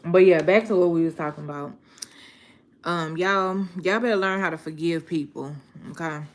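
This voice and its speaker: A woman, chatting casually to her viewers and telling stories in a relaxed, slangy way. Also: lowish voice, normal speed. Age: 30s. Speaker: vlogger.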